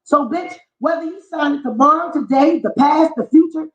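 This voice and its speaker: Ranting woman vlogger, high voice, cursing and mocking, echoey lo-fi room. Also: normal speed. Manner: profane, heated, mocking rant. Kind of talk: ranting commentary vlog. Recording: echoey, dull lo-fi room sound.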